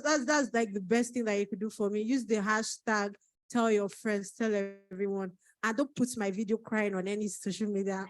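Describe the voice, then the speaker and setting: A woman's voice: medium pitch, no room sound, low-quality recording. A woman from Nigeria, an author giving an emotional thank-you speech at her book launch, fighting back tears. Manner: tearful, holding back crying.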